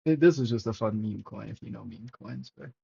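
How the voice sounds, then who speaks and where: Profane excitable man streaming crypto charts. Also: lowish voice, brisk, creaky, breathy edge. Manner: profane, excitable, talks to chat. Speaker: crypto livestream host. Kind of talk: casual livestream chart commentary. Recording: dull lo-fi stream audio.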